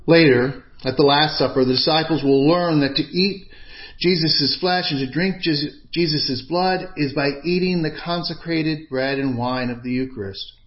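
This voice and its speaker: Earnest male preacher on dull audio. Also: a little high. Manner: earnest, measured, emphatic. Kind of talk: sermon.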